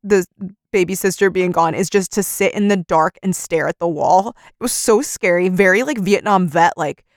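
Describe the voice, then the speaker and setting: Lively woman podcaster, slightly low voice. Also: dry recording, studio quality. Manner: animated, acts out characters in quick put-on voices, laughs often. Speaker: podcast co-host. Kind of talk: casual book-club chat.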